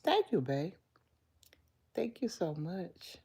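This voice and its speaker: A woman's voice: lowish voice, very animated, slow pace, dark tone, slightly rough. A woman in her fifties with a Southern US accent, chatting casually with viewers on her livestream. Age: 50s. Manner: chatty, greets viewers by name, playful. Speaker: livestream host. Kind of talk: casual live chat.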